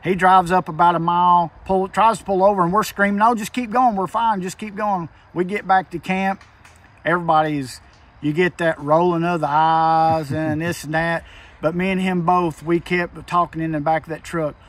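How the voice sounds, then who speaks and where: A man recounts a hunting trip in plain rural dialect, tense and emphatic throughout. His voice sits high for a man, and it is caught slightly off-mic, a little distant, like a recorded phone call. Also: little pitch movement, normal speed, a bit bright. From Kentucky. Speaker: hunter telling an encounter. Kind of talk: casual storytelling.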